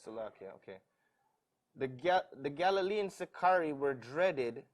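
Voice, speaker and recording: Slow, halting man reading aloud. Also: a little high, expressive. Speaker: reader in a Bible study.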